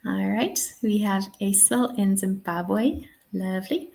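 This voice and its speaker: A woman's voice: medium pitch, steady tone, takes it slowly, vocal fry, dark tone, low-quality recording. A young Irish woman running a live teaching webinar, answering chat questions in a chatty, upbeat way. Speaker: TEFL webinar trainer.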